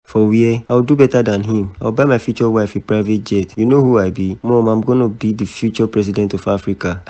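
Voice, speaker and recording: A man's voice: lowish voice, fairly even intonation, a little fast, mellow, natural voice. A man with a Nigerian accent voicing a cheeky, boastful young son in a cartoon, teasing and playful. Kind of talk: cartoon voice acting.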